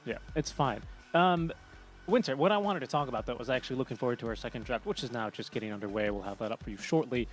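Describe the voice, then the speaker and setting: A man's voice: medium pitch, soft background music. Esports desk host: man, mid-range voice, upbeat and conversational. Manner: upbeat, chatty, quick to question the analyst.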